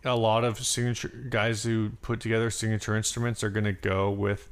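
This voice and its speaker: A man's voice: on the low side, flat delivery, brisk, smooth. A man co-hosting a podcast, talking in an easygoing, hesitant way. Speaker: podcast co-host. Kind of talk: casual chat.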